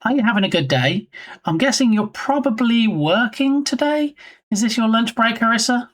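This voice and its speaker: A man's voice: extremely high pitch, lively intonation, moderate pace, a bit bright. A man streaming live and chatting casually with his viewers in a playful, teasing way. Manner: playful, jokey, teasing chat.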